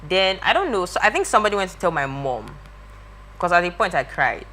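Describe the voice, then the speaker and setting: A young woman, a guest telling a story in a lively way and acting out the voices of the people in it. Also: on the low side, fairly quick, a little hiss or hum. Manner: lively, acts out quoted voices. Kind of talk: animated storytelling.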